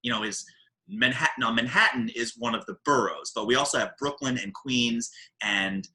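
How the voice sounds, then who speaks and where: Bright, lively New York man hosting. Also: medium pitch, normal speed, low-quality recording. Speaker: podcast host. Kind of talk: casual podcast chat.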